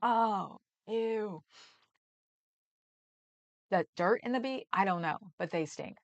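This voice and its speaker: A woman's voice: mid-range voice, expressive, takes it slowly, muffled recording. A woman hosting a livestream, chatting casually and rambling with frequent laughs. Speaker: livestream host. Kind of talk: casual chat reading comments.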